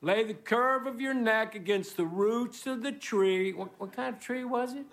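A man from Texas giving a rambling, deadpan, self-mocking stand-up monologue as guest host on a stage before a live audience. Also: extremely high pitch, normal speed. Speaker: comedy show guest host. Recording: roaring studio audience laughter.

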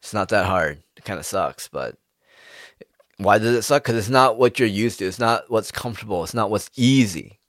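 A man, rambling in a casual, profane monologue with sudden jumps in pitch. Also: moderate pace, no room sound, clean studio sound.

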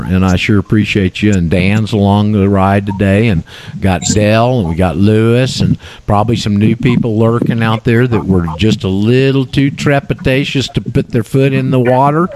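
A man's voice: on the low side, darkish tone, a little hiss or hum. A man hosting a call-in radio show, talking in a folksy, repetitive way. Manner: folksy, repeats himself, quick asides. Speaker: radio talk show host. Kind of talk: casual call-in radio chat.

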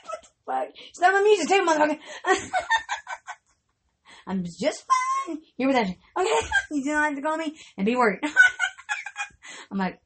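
A woman hosting a casual, profane chat, laughing constantly and swinging from loud to quiet. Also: high voice, sing-song, moderate pace, pauses often, a little hiss or hum. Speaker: podcast host.

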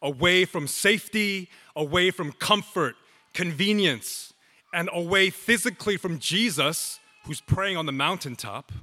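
Slow, bright-voiced man preaching in a hall. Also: sits high. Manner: slow, emphatic preaching with dramatic pauses. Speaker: pastor. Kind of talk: sermon.

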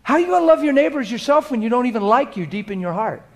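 A pastor preaching a sermon to a congregation in a room, talking straight to the people in front of him. He swings from soft, hushed prayer to loud, lively preaching. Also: very high voice, very fast. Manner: earnest, conversational preaching, addressing the room directly. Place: church hall before a congregation.

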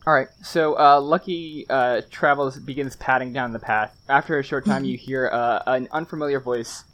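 Halting man narrating a tabletop game. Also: medium pitch, a bit bright, highs cut off. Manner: halting, searches for words with many fillers. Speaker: game master.

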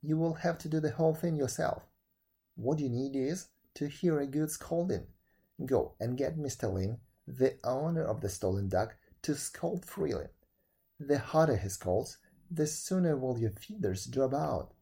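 A jovial fairy elder who teases and scolds a lazy man, as a male reader puts him on. The voice swings lively up and down with a mellow, slightly husky tone. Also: mid-range voice, a little slow, exaggerated voice. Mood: scolding.

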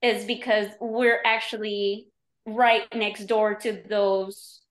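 Female guest voice, conversational and animated, medium pitch, roomy sound. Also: takes it slowly. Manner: animated storyteller, many fillers. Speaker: podcast guest. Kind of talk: casual conversation.

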